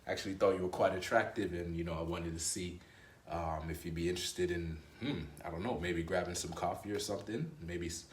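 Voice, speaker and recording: A man's voice: sits low, fairly even intonation, fairly quick, roomy sound, a little hiss or hum, pitched below the performer's own voice, close to an everyday voice. A man voicing a timid, hesitant man who mumbles and trails off while asking a woman out.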